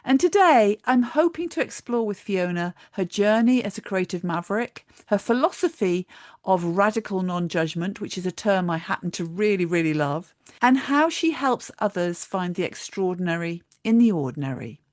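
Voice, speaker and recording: A woman hosting a podcast interview, introducing her guest and asking questions with lively lifts at the start of phrases. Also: mid-range voice, moderate pace, no room sound, clean studio sound. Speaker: podcast host.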